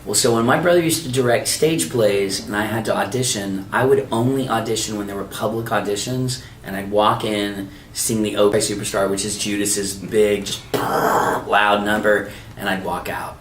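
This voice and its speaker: A male voice actor telling lively anecdotes in an interview, acting out the voices of people he quotes. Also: fairly low pitch, normal speed, hardly any pauses, roomy sound, far from the mic, slight background noise. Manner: animated anecdote teller, acts out quoted dialogue. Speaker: voice actor guest. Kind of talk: storytelling interview. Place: anime convention.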